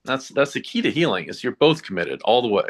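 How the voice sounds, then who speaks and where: A man, a horse trainer and podcast guest, speaking earnestly and reflectively, with frequent pauses and fillers. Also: mid-range voice, sing-song. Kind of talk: casual interview chat.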